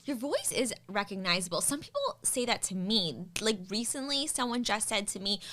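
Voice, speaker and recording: A woman's voice: medium pitch, lively intonation, brisk, few pauses, sharp tone. Young woman w/ florida accent, chatty and giggly, voice bounces all over. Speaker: podcast co-host. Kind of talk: casual chat.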